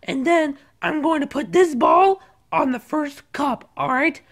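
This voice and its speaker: A woman's voice: high voice, lively intonation, a little slow, pitched below the performer's own voice. A woman voicing a young male fox who plays a showy stage magician in a plush toy skit, boastful and theatrical, stretching out his magic words. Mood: explaining.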